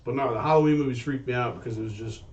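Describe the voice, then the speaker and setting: Swearing, animated male podcast storyteller. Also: medium pitch, very fast, recorded from a distance. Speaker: podcast co-host. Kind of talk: casual chat.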